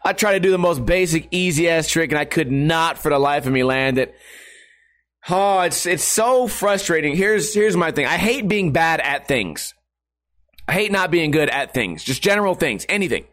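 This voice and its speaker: A vlogger in his thirties rambles through a casual video in a fairly high, fairly bright voice at a moderate pace. Animated and crude, he swears freely, laughs at himself often and keeps mocking himself.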